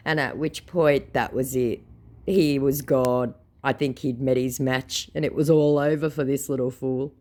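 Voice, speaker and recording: A woman's voice: low-pitched, normal speed, darkish tone. A woman, sarcastically retelling a chat with a scammer in a mocking tone. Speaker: scambaiting vlogger.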